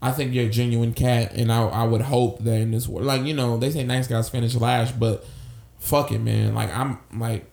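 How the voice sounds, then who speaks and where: Slangy, animated male comedian in an echoey room. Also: mid-range voice, moderate pace, creaky. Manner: animated, slangy, swears freely, acts out quotes. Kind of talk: casual podcast chat.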